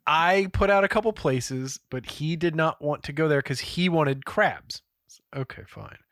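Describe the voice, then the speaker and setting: A man co-hosting a podcast, telling a story in a casual, profane and animated way. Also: on the high side, unhurried, dry recording, clean studio sound. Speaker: podcast co-host. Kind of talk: casual chat.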